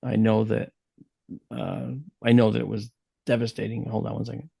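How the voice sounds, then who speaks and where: A man from the USA telling a personal story in an online talk, acting out his own quotes with lively shifts. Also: on the low side, moderate pace, creaky, slightly rough, no room sound. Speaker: guest speaker.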